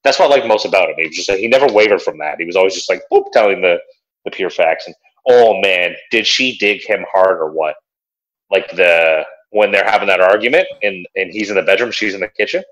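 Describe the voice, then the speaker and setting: A man's voice: sits low, brisk, fairly bright tone. A young man co-hosting a podcast, chatting casually and acting out quotes from a reality show. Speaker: podcast co-host. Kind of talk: casual chat. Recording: dull lo-fi sound.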